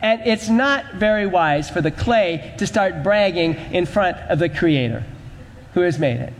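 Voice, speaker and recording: A man's voice: high-pitched, lively intonation, a little slow, big-room sound. A man pastor preaching a sermon in a church, with rhythmic, repetitive emphasis.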